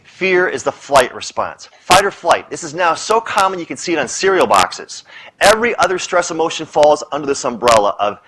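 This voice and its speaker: A middle-aged man giving a public lecture on stress, an animated storyteller who rattles off punchy lists and playful asides. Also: a little high, moderate pace, low-quality recording. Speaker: speaker on stress. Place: lecture hall with audience.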